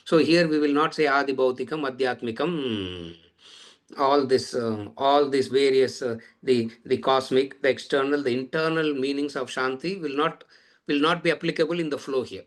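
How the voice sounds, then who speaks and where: Male teacher, mid-pitched, measured lecture style, chants verses slowly. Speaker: Vedanta teacher. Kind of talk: scripture lecture.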